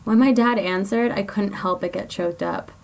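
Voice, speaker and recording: A woman reads her own story aloud, earnest and confessional. Her voice sits at an ordinary middle pitch. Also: moderate pace, gravelly, darkish tone, a little hiss or hum. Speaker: blogger. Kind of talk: reading a personal story aloud.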